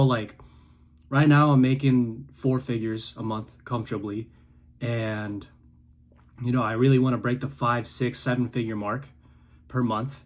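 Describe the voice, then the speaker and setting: A man in his early twenties giving an intense, preachy motivational monologue to camera in his room, swinging from quiet to loud. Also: mid-range voice. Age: 20s. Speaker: content creator.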